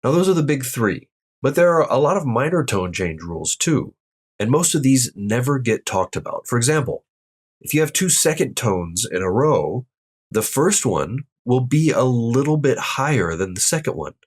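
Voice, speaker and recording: A man's voice: mid-range voice, big pitch swings, moderate pace, slightly rough. A man teaching an online language lesson, explaining tone rules step by step and demonstrating each sound aloud. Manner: upbeat, addresses viewers directly. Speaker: Mandarin tone teacher.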